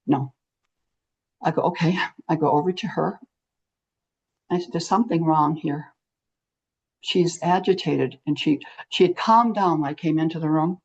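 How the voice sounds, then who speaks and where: Older woman, gravelly and husky, tells her story with feeling, kinda muffled lo-fi sound. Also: deep voice. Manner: earnest, animated storyteller who acts out quotes. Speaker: interview guest. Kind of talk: storytelling in an interview. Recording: muffled lo-fi audio.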